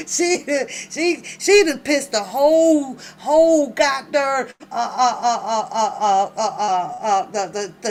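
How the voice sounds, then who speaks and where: Laughing, animated woman reacting to a legal filing. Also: sits high, a little hiss or hum. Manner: animated, laughs often, exclaims to her audience. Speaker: reaction channel host. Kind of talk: casual reading and reaction commentary.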